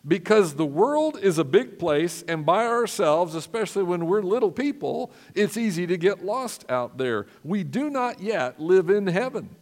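Emphatic preacher in a reverberant church. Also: male voice, high voice, very animated, measured pace, few pauses, a little mellow. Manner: earnest, emphatic preaching that asks the congregation for responses. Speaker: pastor. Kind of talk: sermon. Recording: long reverb of a church hall.

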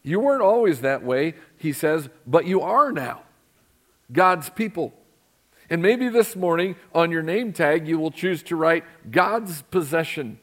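A man's voice: a little high, expressive, unhurried. A middle-aged man preaches in a church with a slightly raised voice. He keeps it conversational and keeps turning to the congregation with questions. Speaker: pastor. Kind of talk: sermon. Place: church sanctuary.

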